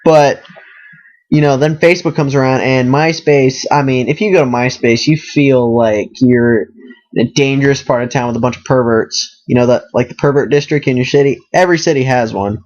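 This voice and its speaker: A man's voice: mid-range voice, steady tone, normal speed, darkish tone, dull audio. A college-age man hosting a podcast, rambling casually and filling his talk with "you know" and "like". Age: young adult. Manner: rambling, self-deprecating, fills with "you know" and "like". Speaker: podcast host. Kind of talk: casual monologue.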